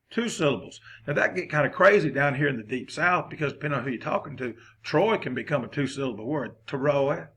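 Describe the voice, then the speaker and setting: A man's voice: medium pitch, breathy edge. A man, giving a folksy, rambling football coaching lesson.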